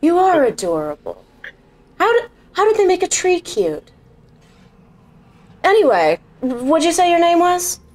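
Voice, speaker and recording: A woman's voice: extremely high pitch, sing-song, a little slow, long pauses, darkish tone, voice pushed up, heavily acted. A woman voicing a brash, hard-drinking female sylph sky pirate who teases everyone. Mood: gushing. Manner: sassy and teasing.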